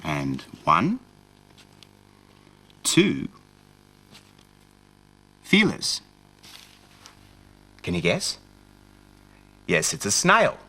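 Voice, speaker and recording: A young man presenting a children's TV show, talking slowly and playfully in a sing-song way for small children. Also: on the low side, wildly swooping pitch, creaky, bright, forceful tone. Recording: music playing along.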